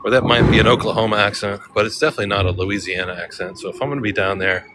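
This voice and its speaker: A man's voice: lowish voice, steady tone, rapid-fire, very noisy. A man from Central California chatting casually on a walking livestream, rambling and joking with a chuckle, out on city streets.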